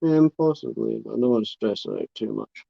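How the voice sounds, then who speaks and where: A man's voice: mid-range voice, a little fast, creaky, no room sound. A man hosting a casual livestream, chatting fondly about his pet spider and cooing at her now and then. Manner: chatty, fond baby talk to his spider. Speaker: livestream host showing pet reptiles and spiders. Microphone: camera on a tripod, close by. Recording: dull, slightly lo-fi sound.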